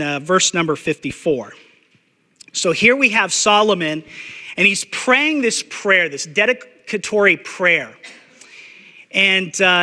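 Blunt, high-voiced man preaching in a hall. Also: pushed and bright. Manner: blunt, emphatic preaching with repetition and fillers. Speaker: pastor. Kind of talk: sermon.

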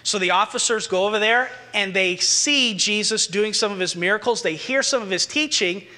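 Male pastor, high voice, animated sermon, long reverb of a church hall. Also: moderate pace. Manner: animated storytelling, rising to excited emphasis.

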